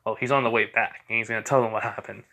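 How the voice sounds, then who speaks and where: A man's voice: fairly low pitch, fairly even intonation, fast talker, pushed and bright. Young man storyteller, rambly, keeps restarting himself, casual tone. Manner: rambling, many fillers and restarts. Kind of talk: casual fan story retelling.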